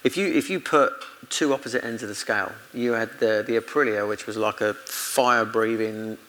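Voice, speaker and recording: A man's voice: on the low side, normal speed, a bit bright, rough recording. Chatty British man telling racing stories. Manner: chatty anecdotes with laughs and self-quoted dialogue. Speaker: guest, former motorcycle racer. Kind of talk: casual storytelling interview.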